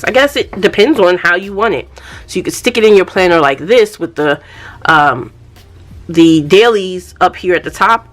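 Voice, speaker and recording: Woman, lowish voice, casual unboxing vlogger, friendly chat to camera. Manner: chatty, addresses viewers as y'all.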